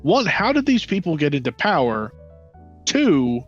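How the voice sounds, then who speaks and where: Sarcastic sweary dude riffing on history, kinda high voice, dull lo-fi audio with faint music behind. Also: male voice, very animated, measured pace. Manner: profane, sarcastic, acts out nations in mock quotes. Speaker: podcast co-host. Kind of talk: casual history chat.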